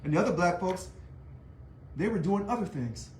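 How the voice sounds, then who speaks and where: Man, casual to-camera monologue, taunting rhetorical style, high voice, roomy echo. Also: moderate pace, a little hiss or hum. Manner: animated, taunting, rhetorical questions. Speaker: union leader. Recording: echoey room.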